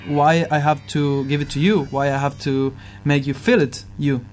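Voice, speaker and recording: At normal speed, a man with a slightly high, darkish voice that barely moves in pitch talks with some hiss or hum behind him. He's a musician in a casual, reflective conversation, earnestly groping for words and asking rhetorical questions.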